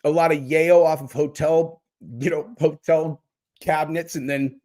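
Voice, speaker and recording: A male host talking in casual livestream commentary, loose and profane, jumping between jokes and asides to his viewers. His voice sits a little higher than most men's. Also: little pitch movement, a little slow, mellow. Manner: rambling, profane, jokey.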